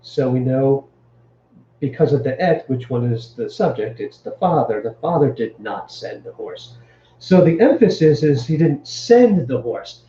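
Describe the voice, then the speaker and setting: A man's voice: medium pitch, very animated, a little slow, mellow, reverberant, muffled recording. A man teaching Hebrew grammar to a live stream, explaining step by step and checking in with his listeners. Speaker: Bible teacher.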